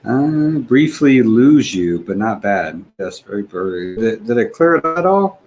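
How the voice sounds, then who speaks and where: A man hosting a livestream, chatting casually and haltingly as he thinks aloud with frequent fillers. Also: fairly low pitch, big pitch swings, low-quality recording. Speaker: livestream host. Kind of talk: casual stream setup chat.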